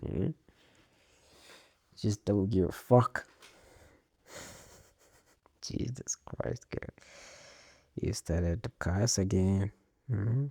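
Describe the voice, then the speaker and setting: A man's voice: low-pitched, takes it slowly, long pauses, dark tone, dry recording, clean studio sound. A man hosting a casual solo talk show, rambling in a laid-back way, swearing often and laughing at his own jokes. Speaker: podcast host.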